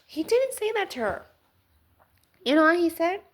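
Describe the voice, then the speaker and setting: A woman giving a casual faith talk to the camera, swinging from loud exclamations to soft near-whispers. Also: very high voice, sing-song, moderate pace. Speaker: Christian vlogger.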